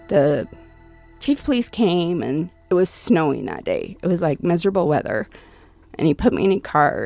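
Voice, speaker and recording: A woman with a low, gravelly voice tells a painful personal story in an interview. She talks haltingly and restarts often, and her pitch jumps up whenever she quotes what others said. Soft music runs faintly underneath. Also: no echo. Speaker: interview guest, bereaved mother. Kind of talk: personal account in conversation.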